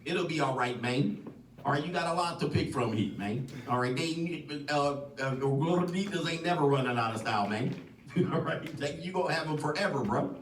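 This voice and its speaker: A man's voice: on the high side, expressive, normal speed. Joking man rambling in an echoey room. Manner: joking, rambling, laughs often. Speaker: podcast host. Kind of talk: casual livestream chat. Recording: echoey, distant mic, loud noise.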